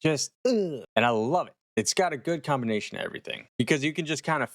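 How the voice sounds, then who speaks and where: Man, casual horror reviewer, animated and profane, dry close recording. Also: mid-range voice, fast, no room sound.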